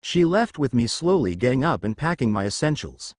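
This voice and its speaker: A man's voice: mid-range voice, sing-song, a little fast, darkish tone, no room sound, clean studio sound. A man narrating a first-person fan fiction story and reading every character's lines in his own voice. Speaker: fanfiction narrator.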